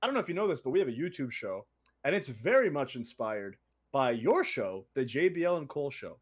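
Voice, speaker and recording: A young man co-hosting a casual podcast, telling stories in an animated way with laughs and quoted voices. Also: mid-range voice, a little fast, slightly rough. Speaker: co-host.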